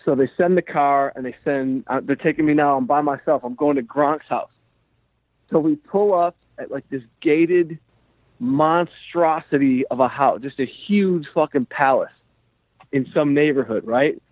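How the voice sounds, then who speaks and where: A male comedian and podcast host telling a story in a rambling, animated way, full of "like" and "you know". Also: on the high side, normal speed, no room sound. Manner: rambling, animated, heavy use of "like". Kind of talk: casual storytelling chat. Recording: dry tinny phone-like sound.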